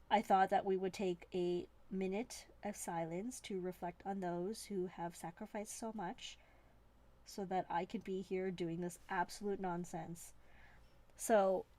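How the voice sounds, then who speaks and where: A woman's voice: on the low side, steady tone, takes it slowly, warm tone. A woman from Canada hosting a live stream, chatting in a rambling, playful, self-mocking way from a desk indoors. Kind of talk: casual live-stream chat.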